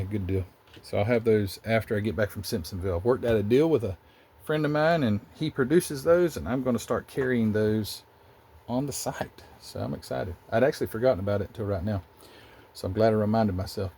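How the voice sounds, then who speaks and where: A man's voice: mid-range voice, darkish tone. Chatty Southern man in his workshop. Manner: rambling, chatty, self-interrupting. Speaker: model car builder and channel host. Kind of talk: casual off-the-cuff workshop chat.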